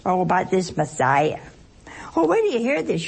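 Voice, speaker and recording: A woman's voice: fairly low pitch, sing-song, moderate pace, gravelly, slightly rough. A woman teaching a Bible study to a group, talking conversationally and expressively with rhetorical questions and playful asides.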